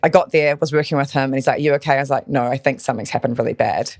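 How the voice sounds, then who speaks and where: A woman from New Zealand, a podcast guest, telling a personal story in an animated, emotional way. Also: a bass voice, rapid-fire, no room sound, clean studio sound. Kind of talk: storytelling in interview.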